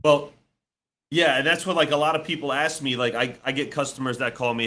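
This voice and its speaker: A man co-hosting a casual call-in chat, passing on audience questions in a halting, informal way. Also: mid-range voice, flat delivery, a bit bright. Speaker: co-host relaying chat questions.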